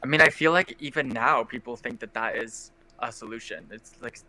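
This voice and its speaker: Man, film critic guest, casual chat, very bright, sharp tone, gushing. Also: medium pitch, fairly quick. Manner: enthusiastic, gushing.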